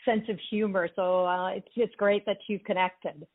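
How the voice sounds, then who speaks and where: French Canadian woman author, native French speaker, measured and easygoing, on a tinny phone line. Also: medium pitch, steady tone. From Ottawa, Canada. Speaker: author guest. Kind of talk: casual radio interview.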